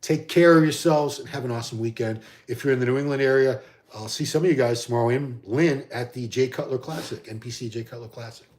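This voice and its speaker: A man's voice: medium pitch, quick pace, a little mellow, reverberant. A middle-aged man hosting a casual live stream from home, reading out viewers' questions and answering them conversationally. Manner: conversational, answers chat questions one by one, frequent restarts.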